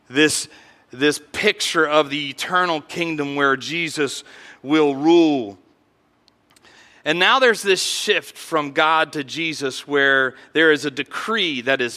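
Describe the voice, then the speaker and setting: A man's voice: a little high, bright, forceful tone. A man preaching a sermon as pastor, conversational and full of restarts, in a large church hall. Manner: conversational preaching with frequent restarts, acting out quoted voices. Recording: long hall reverb.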